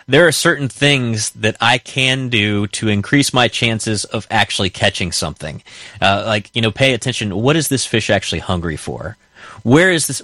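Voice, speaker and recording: A man's voice: lowish voice, bright, forceful tone, no room sound. A man hosting a faith talk show, asking his guest questions in a conversational way with frequent fillers. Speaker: host.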